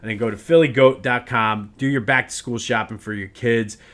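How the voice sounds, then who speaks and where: Male sports podcast host, mid-pitch, agitated rant, stumbling restarts. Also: fairly even intonation, normal speed, fairly bright tone. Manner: worked-up ranting with restarts. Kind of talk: casual solo sports podcast.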